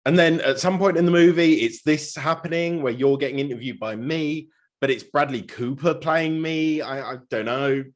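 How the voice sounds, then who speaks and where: A man's voice: fairly high pitch, normal speed. A man interviewing a guest in a casual chat, playful and joking.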